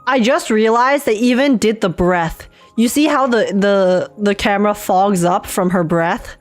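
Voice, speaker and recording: A woman's voice: medium pitch, measured pace. Chatty woman streamer, faint music. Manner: chatty, laughs often, restarts phrases. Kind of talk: casual live-stream chat with viewers.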